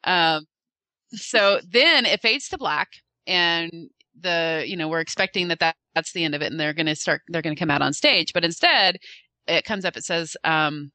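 Woman, lowish pitch, bright forceful tone, lively fan recounting an event, dry sound. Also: moderate pace, no echo. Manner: animated, acts out quotes with shifting voices. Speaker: fan recounting a convention panel. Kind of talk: casual storytelling chat.

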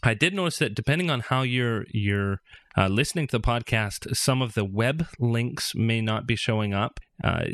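A man hosting a podcast in casual chat, relaxed and hesitant with fillers. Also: on the low side, no echo, clean studio sound. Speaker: podcast host.

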